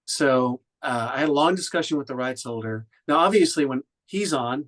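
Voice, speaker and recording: Speaking at a fairly quick clip with few pauses, this medium-pitched man from Oklahoma, USA, narrates and directs audiobooks. Here he offers thoughtful, conversational feedback, full of restarts and filler words.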